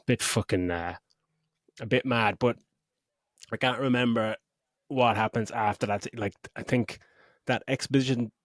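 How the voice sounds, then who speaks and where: A man's voice: medium pitch, a little slow, dry recording, clean studio sound. A middle-aged man co-hosting a podcast, chatting casually, swearing and giggling as he rambles. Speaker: podcast co-host. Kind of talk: casual chat.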